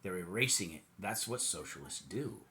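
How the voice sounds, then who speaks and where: American male commentator, mocking and sarcastic, pitch swings wildly. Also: animated, moderate pace, sharp tone. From United States. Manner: sarcastic, mocking, puts on silly voices. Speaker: political commentator. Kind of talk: ranting monologue.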